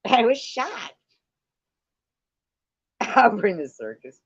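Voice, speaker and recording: A woman's voice: a little high, sing-song, drawn-out words, breathy edge, dry recording, dull audio. A woman hosting a livestream, telling stories in a casual, profane way and laughing often. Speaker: livestream host. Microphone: computer mic on a streaming call.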